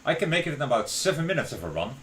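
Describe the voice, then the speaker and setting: A man's voice: fairly high pitch, very fast, a little hiss or hum, low-quality recording. A young man streaming live, narrating a visual novel aloud and breaking off for playful asides. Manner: expressive, swings between narration and playful asides.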